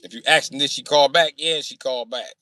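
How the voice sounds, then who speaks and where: A young man on a casual live stream, reading chat and telling profane, boastful stories, swinging between loud outbursts and low mutters. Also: a little fast, no echo.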